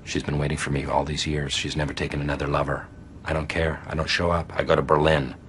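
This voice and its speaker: A man telling a comic crime story in short, deadpan, clipped sentences. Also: very deep voice, fast, a little hiss or hum.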